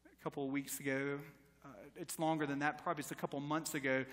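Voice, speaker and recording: A man's voice: a little high, flat delivery, quick pace, a bit bright. A man in his thirties preaching a sermon as pastor, telling stories and building to emphatic appeals. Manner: storytelling with acted quotes, rising to emphatic preaching. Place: church sanctuary. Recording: long church reverb.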